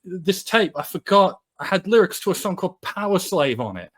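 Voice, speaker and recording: A man puts on a mischievous rock singer in a high, excited voice. It comes out shrill and loud. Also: a little fast, heavily acted. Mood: pleading.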